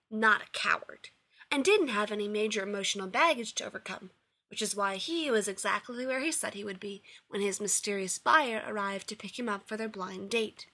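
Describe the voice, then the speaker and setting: A woman reading fan fiction aloud in a steady storytelling narration. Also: mid-range voice. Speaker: reader.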